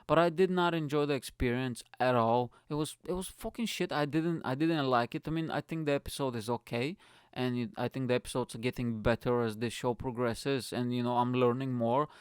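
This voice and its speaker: A young man from Bulgaria hosting his own podcast, telling rambling stories in an animated, tangent-jumping way and swearing often. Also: medium pitch, fairly quick, clear, resonant tone, no echo, studio quality. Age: young adult. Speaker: podcast host. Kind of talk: casual storytelling rant.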